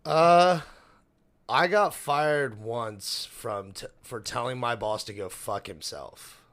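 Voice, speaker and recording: A man's voice: mid-range voice, takes it slowly, fairly bright tone. Foul-mouthed young man telling a story. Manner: profane storytelling, swearing constantly. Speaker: podcast co-host. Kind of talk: casual chat.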